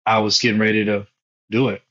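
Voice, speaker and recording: A man's voice: fairly low pitch, flat delivery, quick pace, fairly bright tone, dull audio. A man in his thirties, a former pastor, telling his own story with emotion and repetition in an interview. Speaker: guest, foundation founder and former pastor.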